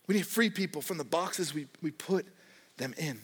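Joking young pastor in a reverberant hall. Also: male voice, fairly high pitch, normal speed, fairly bright tone, breathy edge. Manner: conversational and joking, acts out quoted voices. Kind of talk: sermon.

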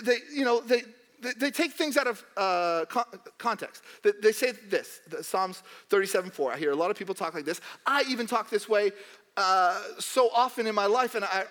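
A young man preaching a sermon in a church hall, joking and animated, putting on mock voices of doubters. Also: extremely high pitch. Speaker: pastor.

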